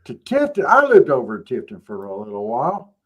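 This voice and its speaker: Lively man in his fifties. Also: mid-range voice, fairly quick, breathy edge, low-quality recording. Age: 50s. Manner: laid-back joking storyteller. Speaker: show co-host. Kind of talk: casual chat.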